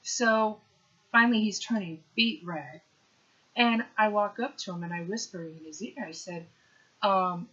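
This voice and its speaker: A middle-aged woman, a comedian, telling a story in an animated, punchy way with playful asides. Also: medium pitch, a little slow, highs cut off. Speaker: stand-up comedian. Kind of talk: storytelling monologue.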